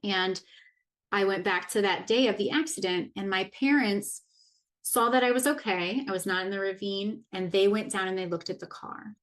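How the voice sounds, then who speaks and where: A woman in her thirties talks through a masterclass in a casual, earnest way, pausing and restarting as she thinks. Her voice sits at an ordinary middle pitch, neither high nor low. She sounds like a coach sharing her own experience. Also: fairly bright tone. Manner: earnest, reflective, loose with fillers and restarts. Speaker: wellness coach.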